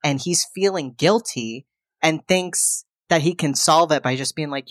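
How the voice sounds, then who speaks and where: Podcast co-host, woman, low pitch, animated storyteller voicing characters in passing. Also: unhurried, no echo, studio quality. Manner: animated retelling, acting out characters' lines. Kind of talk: casual chat recapping a film.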